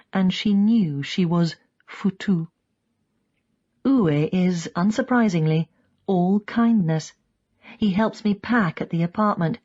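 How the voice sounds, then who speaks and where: A woman's voice: medium pitch, darkish tone, highs cut off. Reflective woman narrating an audiobook. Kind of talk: first-person audiobook narration.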